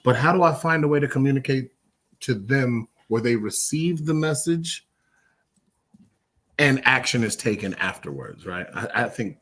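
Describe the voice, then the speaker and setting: A middle-aged father speaking in a casual men's discussion circle, emphatic and animated, acting out quotes as he tells his story. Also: mid-range voice, normal speed.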